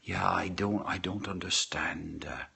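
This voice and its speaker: A man chats casually to a live audience from his home kitchen, his voice very low and his pace unhurried. He greets viewers one by one and wanders a little as he talks. A faint hiss of background noise sits under the recording. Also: fairly even intonation, creaky, bright, forceful tone. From Ireland. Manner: greets viewers by name, rambling and hesitant. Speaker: host of a live poetry stream. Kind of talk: casual live-stream chat. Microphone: phone.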